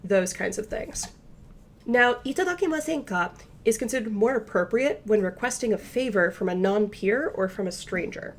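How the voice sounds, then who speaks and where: In a recorded language lesson, a woman patiently explains each point step by step and slows down for the example phrases. Her voice is mid-range, and there's a little hiss or hum in the recording.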